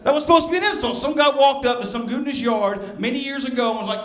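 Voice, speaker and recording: A man from near Birmingham, Alabama, with a mild Southern accent, doing a stand-up set in a sardonic, storytelling way with quick asides to the crowd. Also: extremely high pitch, fairly bright tone. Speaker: stand-up comedian. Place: comedy club stage. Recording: echoey club room with crowd laughter. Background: audience laughter.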